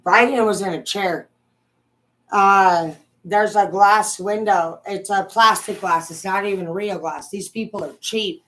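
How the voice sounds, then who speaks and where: A young adult woman vlogger from Washington state rants angrily to her viewers, swearing constantly and swinging between loud outbursts and low muttering. She speaks a little slowly, and the recording is rough in this profane ranting monologue.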